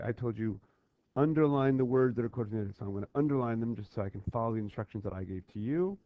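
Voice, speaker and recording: A male teacher talking students through a worksheet on a Talmud text, with lively call-and-response drills and repeated checks for understanding. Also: fairly low pitch. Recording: dull lo-fi voice recording.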